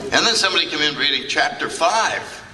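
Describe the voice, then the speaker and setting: A man's voice: on the high side, lively intonation, a little fast, crowd noise. An older man giving a humorous, anecdotal talk to a convention audience, acting out the remarks he quotes. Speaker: recovery meeting speaker. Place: large convention hall. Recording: echoey hall, picked up from a distance.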